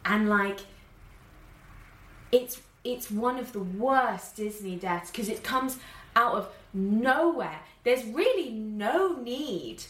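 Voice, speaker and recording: Animated woman retelling a film. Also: fairly high pitch, roomy sound. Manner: animated, fast storytelling with many fillers. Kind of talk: casual chat retelling a film.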